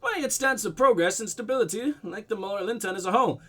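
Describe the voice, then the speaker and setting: A man's voice: high voice, animated, fast talker, fairly bright tone. Man doing a pompous diplomat, fake Russian-German accent. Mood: smooth, evasive. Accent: mock Russian-German blend. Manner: suave, evasive, pompous. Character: smooth evasive male foreign diplomat, middle-aged.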